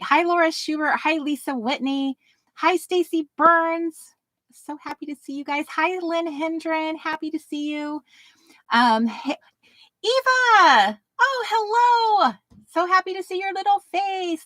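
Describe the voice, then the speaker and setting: A bubbly woman hosts a casual live stream, calling out viewers by name and laughing often. Her voice sits high and swoops up and down with lively energy. The sound is close and dry, with no room echo.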